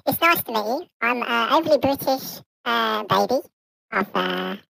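A player voicing an overly polite British baby who hedges with many ums and dry understatement, through a pitched-up childlike voice. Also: expressive, moderate pace, creaky, bright, forceful tone, slight background noise, heavily acted, rough recording. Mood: wry.

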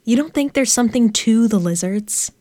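An actress playing a curious young librarian who keeps lists of creatures, speaking eagerly and persistently. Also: female voice, a little high, expressive, normal speed, dark tone, close to an everyday voice. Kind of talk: audio drama dialogue.

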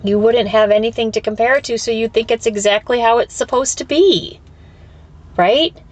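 Hosting a reflective solo podcast as a spiritual teacher, a woman talks at normal speed in a fairly high voice. She's candid and thinks out loud, swearing freely and restarting her sentences along the way.

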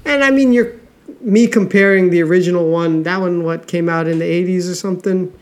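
A man's voice: high-pitched, brisk. A man co-hosting a podcast in casual chat, talking loosely and swearing freely. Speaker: podcast co-host.

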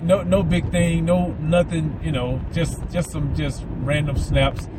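A man's voice: a little high, little pitch movement, measured pace. Southern guy rambling on his podcast, bit of a lisp, cars and street noise going by behind. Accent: Southern American. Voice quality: slight lisp from mouth aligners. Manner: rambling, repeats words, enthusiastic. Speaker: podcast host. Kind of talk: casual solo podcast monologue.

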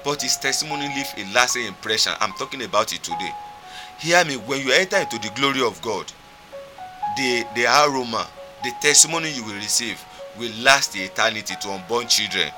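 A man's voice: medium pitch, animated, a little fast, music in the background. A man with a Nigerian accent preaching a sermon, fervent and emphatic, repeating his points.

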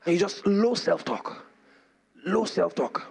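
Impassioned preacher, high and lively. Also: male voice, slow, gravelly, slightly rough. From Nigeria. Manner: impassioned preaching, repetition for emphasis. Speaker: pastor. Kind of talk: sermon. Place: church service.

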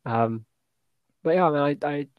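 A man's voice: fairly high pitch, normal speed, no room sound, highs cut off. A man co-hosting a casual podcast, rambling through his thoughts with lots of restarts and fillers. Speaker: podcast co-host.

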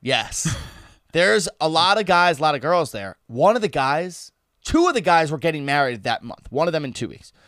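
A man's voice: fairly high pitch, sing-song, moderate pace, fairly bright tone, no echo, studio quality. A man telling a wild party story in casual chat, laughing and swearing freely.

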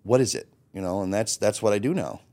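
Blunt, low-voiced man in his forties. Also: fast talker. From Florida. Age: 40s. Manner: blunt, profane, lively retelling with quoted inner thoughts. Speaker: guest. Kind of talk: candid personal storytelling.

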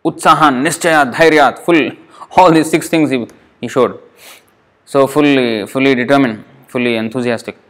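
A man's voice: mid-range voice, moderate pace, a bit bright. A man retelling a devotional story in a loose, digressive way, full of fillers and self-corrections.

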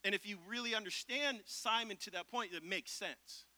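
Bright, high-voiced pastor preaching. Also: male voice, normal speed. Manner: energetic, storytelling, rising to loud emphasis. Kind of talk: sermon.

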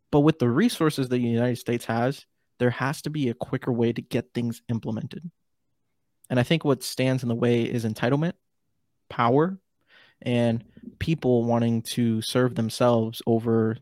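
A man's voice: medium pitch, darkish tone, no echo. Rambling male podcast host, dry sound. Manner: rambling, many fillers and restarts. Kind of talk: casual podcast conversation.

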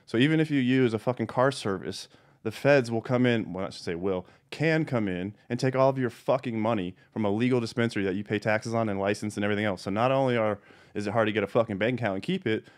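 A man's voice: fairly low pitch, quick pace. A man hosting a podcast, a cannabis grower going on a heated, profane rant and swearing constantly. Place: home.

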